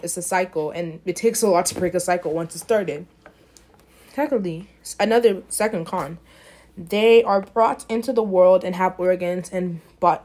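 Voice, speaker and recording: A woman's voice: lowish voice, a little mellow. A young woman giving an emphatic, opinionated talk in a casual way, often restarting her sentences.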